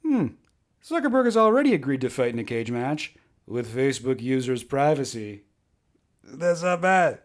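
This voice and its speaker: A man hosting a casual comedy video, reading jokes in a mock stand-up delivery and chatting about them. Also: moderate pace. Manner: animated, mock stand-up delivery with lively pitch swings.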